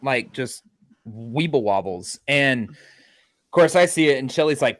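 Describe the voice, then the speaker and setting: Animated man telling ghost-hunting stories. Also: mid-range voice, fast, dry recording, studio quality. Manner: excited, acts out quotes loudly. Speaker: paranormal investigator guest. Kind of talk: animated storytelling in a podcast interview.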